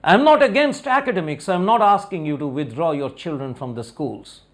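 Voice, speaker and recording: A man's voice: a little high, expressive, moderate pace. A man giving a motivational talk, telling a story and putting rhetorical questions to his audience. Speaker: motivational speaker.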